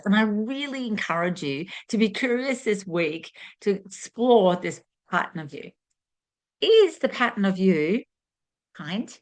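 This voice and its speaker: A woman speaks straight to camera as a spiritual teacher, earnest and direct. She presses on key words and circles back with rhetorical questions. Her pitch sits in a middle range.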